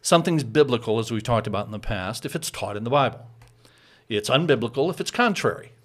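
A man's voice: medium pitch, expressive, quick pace, a bit bright. A man who is a pastor, explaining church practice in a casual teaching chat, patient, with frequent chuckles.

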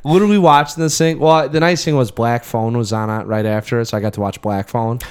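Brief: thirties male podcast co-host, mid-pitched smooth voice, loose and profane, animated storyteller. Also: fast talker. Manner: swears freely, tells stories with quoted voices. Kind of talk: casual film chat.

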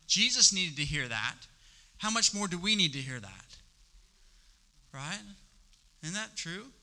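A middle-aged man preaching a sermon, stressing some words loudly and dropping to a hush on others. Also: a little high. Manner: emphatic, swings between loud stresses and hushed asides. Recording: long reverb of a large hall.

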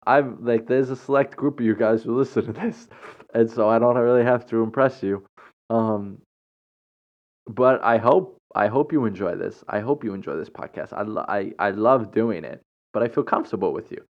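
A man with a fairly low voice hosts his own podcast, telling a story off the cuff. He rambles, restarts his sentences and chuckles between thoughts, and the recording sounds dull and lo-fi. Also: moderate pace. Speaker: podcast host. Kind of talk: casual storytelling monologue.

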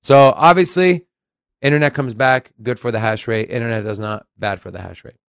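A man's voice: mid-range voice, fairly quick, vocal fry, clean tone, no room sound, studio quality. A man co-hosting a crypto podcast in casual chat, reading news articles aloud and commenting in a brash, profane way. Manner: brash and profane, animated when reading quotes. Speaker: podcast co-host.

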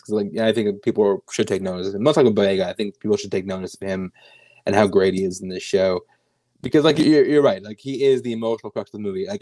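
A man with a low voice in casual podcast conversation. He is emphatic and loose, dropping the odd swear word. The sound is dry and close, with no room echo. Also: darkish tone. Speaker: podcast co-host or guest. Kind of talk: casual film-review chat.

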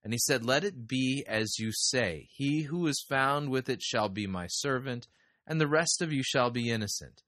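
A man preaching a sermon, reading scripture aloud and pausing to comment on it with quiet wonder. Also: mid-range voice, no echo, clean studio sound.

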